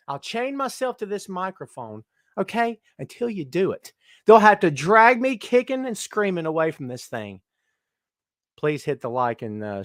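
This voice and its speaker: Man, middle-aged, high pitch, dry close sound, live-stream host, loud joking banter. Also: dry recording. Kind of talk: casual live-stream chat.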